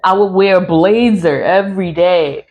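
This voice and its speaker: Recorded with lo-fi sound, this online creator in her 40s speaks at a moderate pace with a fairly low pitch. She vents candidly into her phone in a casual vlog, with frequent swearing and laughter.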